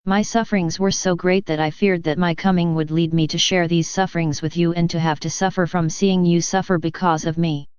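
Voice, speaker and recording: A woman reading the lines of Jesus as a gentle, loving divine speaker, slow and solemn, in a devotional reading. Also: on the low side, steady tone, smooth, no room sound, close to an everyday voice. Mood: tender solemn. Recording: dull lo-fi dry recording.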